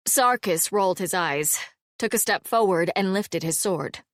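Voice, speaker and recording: A woman narrating a cozy fantasy audiobook in an even, measured way. Her voice sits at a middle pitch and is recorded close and dry, with no room sound at all. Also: no echo.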